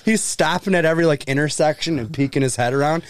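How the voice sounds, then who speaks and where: A man's voice: on the high side, fast talker, noisy background. A man co-hosting a podcast, recapping in casual chat, laughing often and swearing casually. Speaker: podcast co-host.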